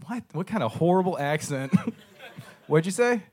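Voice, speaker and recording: A man's voice: a little high, expressive, moderate pace, darkish tone, breathy edge. A man doing stand-up crowd work on a club stage, teasing the audience in a wry, self-deprecating way. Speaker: stand-up comedian.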